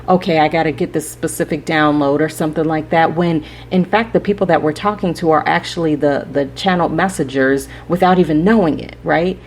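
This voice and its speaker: Speaking in a deep voice over slight background noise, this podcast host talks straight to her audience about spiritual matters. Her advice wanders and preaches, punctuated often by "right?"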